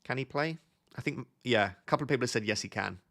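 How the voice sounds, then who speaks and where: A man's voice: mid-range voice, quick pace, fairly bright tone. Chatty man live-streaming. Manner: chatty, reads viewer questions aloud and answers them. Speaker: fantasy football streamer. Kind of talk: casual live-stream chat.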